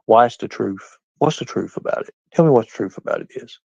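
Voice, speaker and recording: A man's voice: fairly low pitch, lively intonation, a little fast, vocal fry, darkish tone, slightly rough, no room sound. A man ranting on a casual livestream, combative and confrontational as he answers his chat, over dull lo-fi audio. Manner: combative, confrontational, talks straight back to chat. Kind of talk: casual live-stream rant. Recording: dull, lo-fi dry stream audio.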